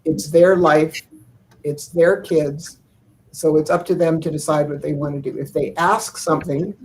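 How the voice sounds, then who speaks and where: A woman's voice: sits low, fairly even intonation, a little slow, darkish tone, slight background noise, rough recording. An older woman chatting casually over a video call, telling family stories in a rambling, chuckling way with many fillers. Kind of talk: casual storytelling chat.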